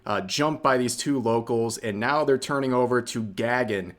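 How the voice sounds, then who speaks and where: A man's voice: medium pitch, moderate pace, fairly bright tone. A man giving casual, mocking reaction commentary on a video clip. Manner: mocking and sarcastic.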